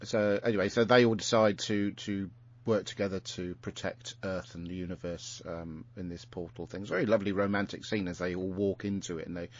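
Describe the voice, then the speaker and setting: Low-ish male host, casual rambling recap, muffled lo-fi sound. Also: little pitch movement, fairly quick. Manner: rambling, many fillers and restarts. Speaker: podcast host. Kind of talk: casual chat recapping an episode. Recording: muffled lo-fi recording.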